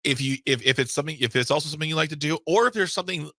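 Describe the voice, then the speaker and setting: Bright-voiced playful radio co-host man. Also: a little high, very fast, dry recording. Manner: playfully defensive, animated. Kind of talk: casual radio banter.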